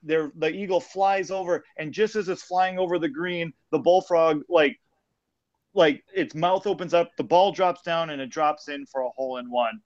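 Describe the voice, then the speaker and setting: A man's voice: a little high, normal speed. A young man co-hosting a podcast, telling a long rambling joke in casual chat. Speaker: podcast co-host. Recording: dull lo-fi sound.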